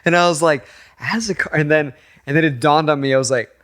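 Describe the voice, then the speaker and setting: A man's voice: a little high, fast, fairly bright tone. A man co-hosting a casual podcast chat, telling stories in a laid-back way, swearing freely and laughing often. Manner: laid-back, profane storytelling with frequent laughs. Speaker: podcast co-host.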